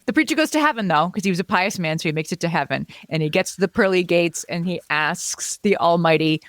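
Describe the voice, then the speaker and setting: Lively low-voiced woman podcast host. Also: fast talker, few pauses, dry recording. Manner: animated, laughs often, acts out quoted voices. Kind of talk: casual chat with storytelling.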